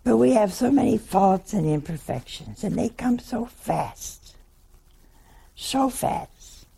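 A woman's voice: medium pitch, animated, measured pace, gravelly, dark tone, slightly rough. An older woman, a nun, telling a funny story in a wry, folksy, chuckling way. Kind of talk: humorous anecdotal storytelling talk.

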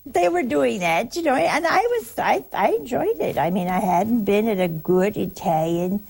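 Gravelly-voiced woman giving a folksy spiritual talk. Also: mid-range voice, animated, normal speed, darkish tone. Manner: folksy storytelling, rhetorical questions. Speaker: religious speaker. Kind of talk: spiritual talk to a broadcast audience.

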